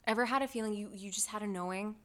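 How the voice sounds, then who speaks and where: A woman's voice: medium pitch, fairly bright tone. Reflective woman from Poland. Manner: earnest and reflective, halting, often trailing off. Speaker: podcast co-host. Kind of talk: casual chat.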